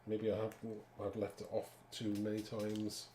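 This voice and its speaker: A man's voice: lowish voice, monotone, normal speed, dark tone. Brief: man, live craft demo host, chatty, in a roomy echoey studio with faint noise. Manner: chatty, talks to viewers while working. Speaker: card-making demonstrator.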